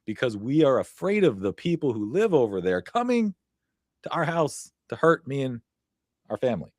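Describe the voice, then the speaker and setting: A man's voice: medium pitch, sing-song, moderate pace, dry recording, studio quality. A man co-hosting a casual podcast chat, blunt and profane, laughing often between points. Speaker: podcast co-host.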